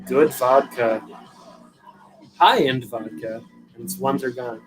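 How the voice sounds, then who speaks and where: A man's voice: mid-range voice, slow, low-quality recording. Casual profane man chatting over music. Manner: rambling, profane, self-deprecating, chatting to viewers. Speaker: live stream host. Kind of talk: casual live-stream chat. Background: music playing.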